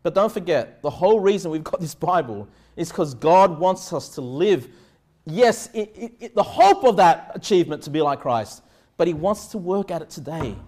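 A man pastor preaching a sermon earnestly, asking the listeners rhetorical questions and reading scripture slowly and deliberately. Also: fairly high pitch, lively intonation, a little mellow.

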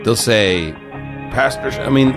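A man's voice: medium pitch, expressive, unhurried, loud music behind the voice. A man co-hosting a podcast in a playful, joking casual chat. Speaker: podcast co-host.

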